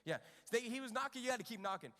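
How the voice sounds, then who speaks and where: High, lively man telling kids a story. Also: very fast, long reverb tail. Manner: animated, asks the children questions. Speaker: children's ministry leader. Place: church kids' room stage.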